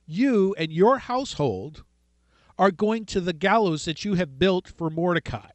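A man voicing an indignant king of ancient Persia, loud and exclaiming. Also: high voice, animated, measured pace, no echo. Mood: commanding.

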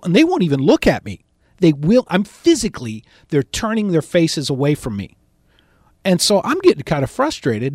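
A middle-aged man preaches in a bright, high voice that swoops up and down. He tells his story with animated energy and booms out the quoted lines. The sound is close and dry. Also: dry recording. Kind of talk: storytelling sermon.

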